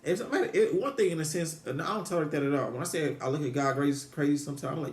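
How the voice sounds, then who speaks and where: Guy with aave rambling about god, talks fast, kinda high voice, echoey room. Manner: meandering, repetitive, frequent restarts, rhetorical questions. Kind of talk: rambling religious musing to viewers.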